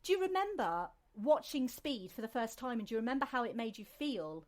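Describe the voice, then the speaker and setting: British woman, podcast host, casual rambling chat, somewhat high voice. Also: very animated, a little fast. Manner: chatty, rambling with many ums and restarts.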